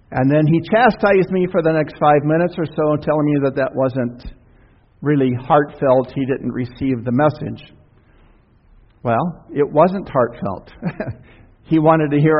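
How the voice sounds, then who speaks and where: A pastor with a somewhat high, animated voice delivers his sermon at normal speed, chatting in a folksy way and posing questions and asides to the congregation. It's recorded in a church sanctuary with dull sound and a long reverb tail.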